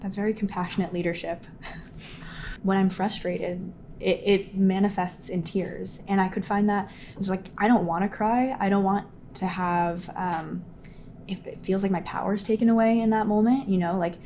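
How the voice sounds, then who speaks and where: A woman's voice: medium pitch, moderate pace, a little hiss or hum. A young woman hosting an interview, chatting expressively and casually. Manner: expressive, laughs easily, frequent backchannel. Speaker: podcast host.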